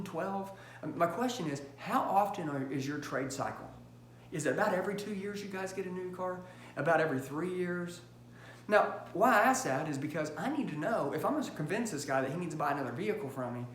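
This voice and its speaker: A man coaching salespeople in an emphatic, punchy style, acting out phone calls in quick bursts and checking in with his audience. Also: fairly high pitch, animated. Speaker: sales trainer. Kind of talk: high-energy sales training talk. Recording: roomy echo with faint hum.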